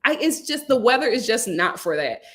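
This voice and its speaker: A woman giving casual, sassy commentary on reality TV, talking in a colloquial, animated way. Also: on the high side, fairly quick. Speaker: reality TV reviewer.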